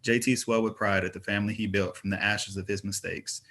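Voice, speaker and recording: Brief: male narrator, fantasy audiobook, steady even read. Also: lowish voice, fast. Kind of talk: audiobook reading of fantasy fiction.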